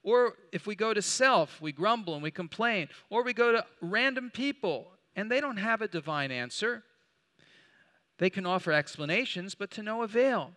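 A man's voice: high voice, animated, moderate pace, bright, forceful tone. A man teaching a Bible study in a conversational way, asking rhetorical questions and restarting as he looks up verses. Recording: long hall reverb.

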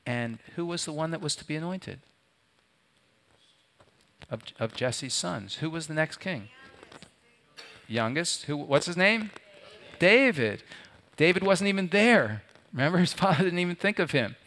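A man preaching a sermon to his congregation, often pausing to put rhetorical questions to his listeners. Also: fairly high pitch, expressive, bright, forceful tone. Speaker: pastor. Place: before a live congregation.

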